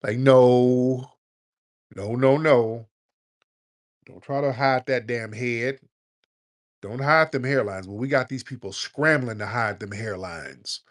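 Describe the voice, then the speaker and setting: A man hosting a call-in show, blunt and joking, scolding his callers in loud, casual talk. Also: medium pitch, measured pace. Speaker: radio call-in host.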